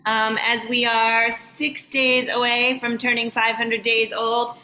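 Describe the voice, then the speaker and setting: A woman hosting a live online show, warmly greeting viewers by name over a video call. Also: a little high, little pitch movement, slow pace. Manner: upbeat, reading out viewer names. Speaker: show host. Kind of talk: live online welcome and shout-outs. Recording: echoey room with faint background noise.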